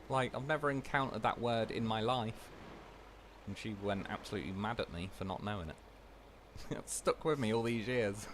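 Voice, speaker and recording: A man's voice: mid-range voice, moderate pace, fairly bright tone, a little hiss or hum. A young man livestreaming a game, chatting casually and rambling through anecdotes, swearing freely. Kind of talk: casual chat while gaming.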